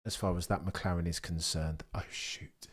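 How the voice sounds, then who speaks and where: A man's voice: deep voice, fairly even intonation, husky. A man hosting a live racing watchalong, rambling casually and talking straight to his chat with easy laughs. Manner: chatty, rambling, quick to laugh, talks to chat directly.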